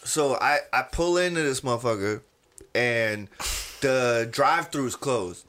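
A man, a podcast host telling a profane, animated story in casual chat and acting out the people in it. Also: medium pitch, a little slow, slight background noise. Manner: animated, profane, acts out quoted voices.

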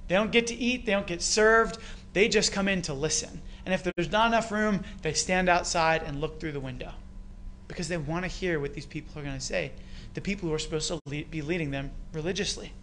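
A Canadian man preaching a sermon, retelling a story with rhetorical questions and lively emphasis. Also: a little high, brisk, a little hiss or hum. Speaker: pastor.

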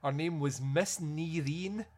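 A man hosting a podcast, reviewing a film in casual chat, animated and swearing often. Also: a little high, slow. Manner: animated, swearing, acts out lines in loud voices. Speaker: podcast host.

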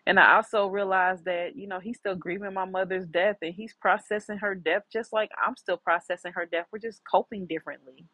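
A woman's voice: mid-range voice, fairly even intonation, a little fast, hardly any pauses, fairly bright tone, dry recording, low-quality recording. A middle-aged woman hosting a podcast, candidly and reflectively telling a personal story with many fillers. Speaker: podcast host.

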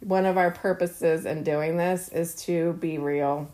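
She speaks a little slowly, her fairly low, mellow voice keeping a fairly even intonation. A middle-aged woman co-hosting a podcast, she chats casually and earnestly, telling stories with plenty of fillers.

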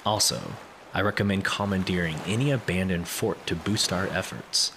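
A man reading submitted letters aloud in a measured, even way, with steady background noise. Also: deep voice. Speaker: reader of community letters.

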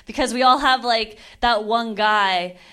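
Woman, twenties, stand-up comedian, deadpan delivery, laughs at her own jokes, bright voice. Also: on the high side, a little slow, clean tone. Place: comedy club stage.

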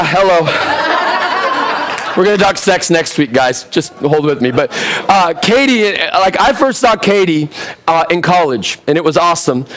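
A young man preaching a sermon as pastor, a little hoarse, telling funny stories with lively asides. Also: fairly high pitch. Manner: humorous, storytelling, lively asides.

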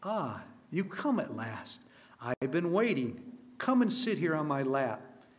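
A man's voice: fairly high pitch, sing-song, slow. A man reading as a loving, patient father. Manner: warm, reassuring.

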